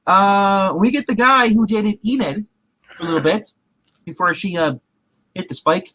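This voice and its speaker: A man's voice: high-pitched, normal speed, pushed and bright, no echo. A man casually recapping a TV episode in a rambling way, full of fillers and restarts, acting out the characters' lines as he goes. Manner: acts out characters' quotes in his retelling. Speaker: show recap host.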